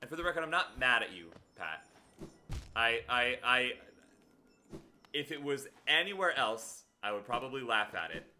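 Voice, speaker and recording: A man's voice: medium pitch, very animated, moderate pace, bright, forceful tone, slight background noise. A man streaming a video game live, talking earnestly and directly to his viewers in casual chat. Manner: earnest, talks straight to viewers.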